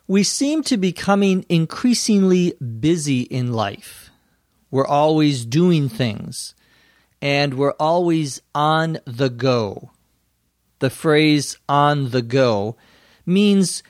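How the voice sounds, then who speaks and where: A male teacher explains English phrases to learners, speaking slowly and clearly. He sounds close to the mic in a dry room with no echo. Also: medium pitch. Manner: slow, clear explaining with acted example lines. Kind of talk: scripted explanation for language learners.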